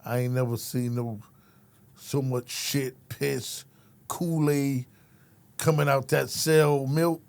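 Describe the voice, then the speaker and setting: This middle-aged man has a clear, resonant mid-range voice, delivered flat and slowly. A former correctional officer, he tells an animated, profane, streetwise story in casual conversation, repeating his listener's name and performing the people he describes.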